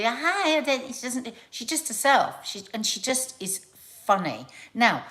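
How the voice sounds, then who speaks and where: Chatty South Londoner rambling on a live stream. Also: female voice, on the high side. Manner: chatty, rambling, animated storytelling. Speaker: live show host. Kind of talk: casual live-stream chat.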